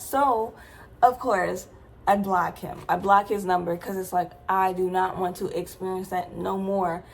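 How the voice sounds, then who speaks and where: A woman's voice: mid-range voice, measured pace, gravelly, a little hiss or hum. A young adult woman vlogger telling a personal story in a casual, slangy, emphatic way, with many asides to her viewers.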